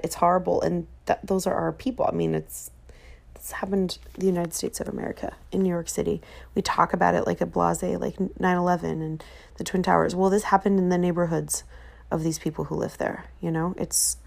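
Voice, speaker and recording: Gravelly-voiced woman in her forties. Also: on the low side, a little mellow. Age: 40s. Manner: rambling and chatty, with fillers and self-corrections. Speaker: podcast host. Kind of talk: casual chat.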